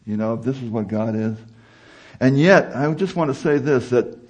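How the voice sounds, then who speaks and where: Male preacher, middle-aged, slightly breathy tone, mixes chatty asides with emphatic declarations. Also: mid-range voice, moderate pace, dull audio. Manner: conversational preaching, rising to emphatic peaks. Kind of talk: sermon.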